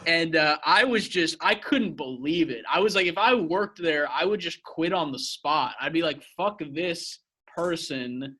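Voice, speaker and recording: A man's voice: fairly high pitch, animated, normal speed, few pauses, sharp tone, husky. A young man, a podcast co-host, telling a rambling, profane story in casual chat.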